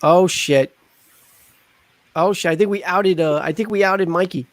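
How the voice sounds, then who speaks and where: A man's voice: sits high, measured pace, no room sound. A man hosting a casual live stream chat, joking and rambling with plenty of fillers. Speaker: host.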